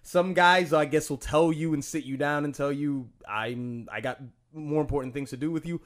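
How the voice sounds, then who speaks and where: A man co-hosting a podcast in casual chat, rambling and thoughtful, often restarting his sentences. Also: medium pitch. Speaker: podcast co-host.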